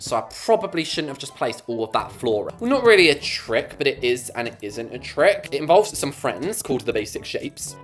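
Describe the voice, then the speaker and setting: A woman chatting bubbly and casually to her viewers while building in a game. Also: extremely low pitch. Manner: chatty, bubbly, talks to chat. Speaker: gaming YouTuber. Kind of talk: casual gameplay commentary. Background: background music.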